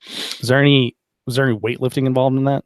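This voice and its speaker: A man hosting a casual podcast interview, relaxed and chatty, reading out listener comments and asking long questions. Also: mid-range voice, fast talker, no echo. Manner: relaxed, chatty, reads live chat aloud. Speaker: podcast host.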